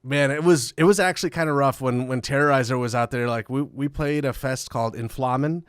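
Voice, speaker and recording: A man's voice: medium pitch, a little fast, clean tone, no echo, clean studio sound. A man guest on a podcast, telling rambling, profane tour stories in casual chat and laughing often. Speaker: podcast guest, metal musician.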